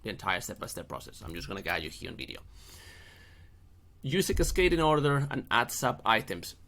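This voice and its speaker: A man's voice: lowish voice, very animated, brisk, pushed and bright. A middle-aged man hosting a screen-share tutorial, chatty and jokey with playful asides. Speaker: SEO channel host.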